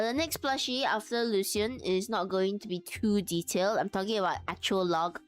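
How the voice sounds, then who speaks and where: A woman chatting casually while sewing on a live stream, laughing often and greeting her chat by name. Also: mid-range voice.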